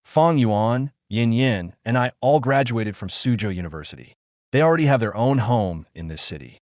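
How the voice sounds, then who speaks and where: Man, scripted story narration, expressive, lively intonation, dry close sound. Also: mid-range voice, normal speed, no room sound. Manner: expressive, emotional reading.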